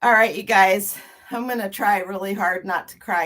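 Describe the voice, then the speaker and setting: Greeting each viewer in turn, a livestream host in her fifties chats warmly and laughs. She speaks in a mid-range voice at a moderate pace.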